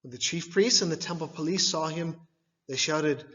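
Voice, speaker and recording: A man giving a liturgical scripture reading, delivered in measured phrases, one at a time. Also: fairly high pitch, a bit bright, highs cut off. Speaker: scripture reader.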